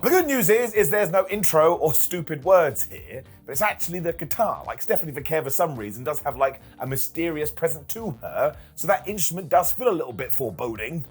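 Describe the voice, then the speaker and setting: A man's voice: fairly high pitch, slightly rough. A man hosting a casual, jokey commentary video, talking to camera with playful asides. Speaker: wrestling commentary host.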